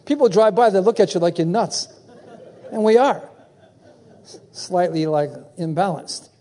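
A man's voice: sits high, measured pace, dark tone. A middle-aged man preaching a sermon, asking his listeners to answer and fill in his sentences. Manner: call-and-response preaching, quizzing the audience. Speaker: pastor.

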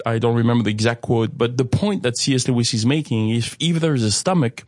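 A man's voice: medium pitch, lively intonation, quick pace, darkish tone, dry recording, clean studio sound. A man hosting a conversational religious discussion, rambling with many restarts and frequent rhetorical "right?" checks.

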